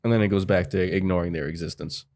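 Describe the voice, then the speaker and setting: A man's voice: deep voice, steady tone, quick pace, a little mellow. A man hosting a casual film podcast, talking in a rambling way with lots of fillers and restarts. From United States. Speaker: podcast host.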